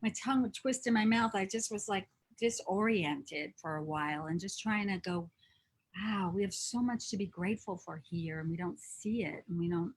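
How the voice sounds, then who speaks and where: A woman's voice: medium pitch, moderate pace, breathy edge. A woman from New Jersey, an interview guest, telling her life story in an earnest, reflective way. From New Jersey, USA. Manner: reflective, earnest, with frequent restarts. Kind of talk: conversational storytelling.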